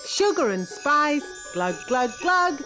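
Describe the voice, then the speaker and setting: An actress voicing a bossy, scatterbrained fairy nanny in a cartoon, prim and brisk. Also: female voice, sits high, sing-song, music in the background, exaggerated voice. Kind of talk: cartoon voice acting.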